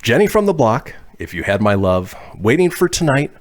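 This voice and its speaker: A man's voice: mid-range voice, sing-song, moderate pace. A man hosting a pop culture trivia quiz on a podcast, reading out questions and multiple-choice options. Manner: reads questions and options, laughs easily. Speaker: game show host.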